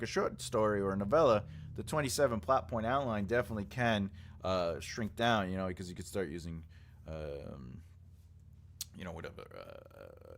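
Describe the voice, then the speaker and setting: A man's voice: mid-range voice, fairly bright tone. A man who is an author and writing coach, talking casually and rambling with many fillers as he addresses viewers in a livestream writing tutorial. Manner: rambling, filler-heavy, talks directly to viewers.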